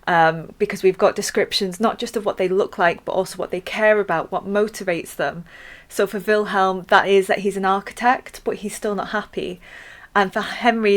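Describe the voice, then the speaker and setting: Woman teacher explaining a student story. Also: mid-range voice. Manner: explains clearly, reads quoted lines aloud. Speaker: English teacher. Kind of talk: lesson commentary on a student story.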